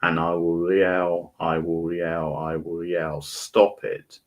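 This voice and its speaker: A man's voice: sits low, completely flat delivery, slow. A man reading as a terrified young woman. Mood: frightened, desperate. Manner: desperate, emphatic pleading.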